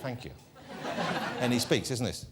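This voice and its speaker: A man's voice: mid-range voice, lively intonation, moderate pace. A man hosting a television chat show, joking and introducing guests theatrically. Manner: playful, jokey, theatrical introductions. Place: TV studio with live audience. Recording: loud studio audience and noise.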